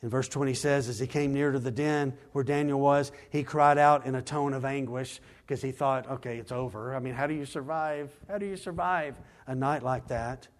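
Man preaching a sermon, hushed to booming. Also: steady tone. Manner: swings from hushed, slow emphasis to loud, rising scripture reading. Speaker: pastor.

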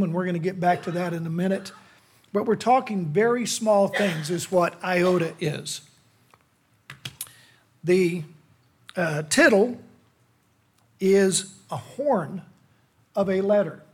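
A man's voice: high-pitched, breathy edge. A middle-aged man, a lay preacher delivering a sermon to a church in a folksy, self-deprecating, conversational manner.

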